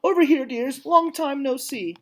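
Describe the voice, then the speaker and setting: A man's voice: very high voice, unhurried, a bit bright, a little hiss or hum, voice pushed up. A man doing a sweet motherly old dog. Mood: affectionate.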